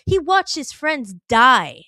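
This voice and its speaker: A woman's voice: high-pitched, very animated, slow pace, bright, forceful tone, no echo. A woman on a talk stream, ranting heatedly and firing off rhetorical questions. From United States.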